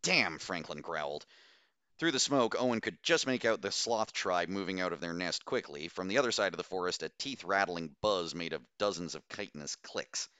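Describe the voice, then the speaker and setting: A man reading a science fiction novel aloud in steady, measured audiobook narration. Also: deep voice, clean tone, no echo.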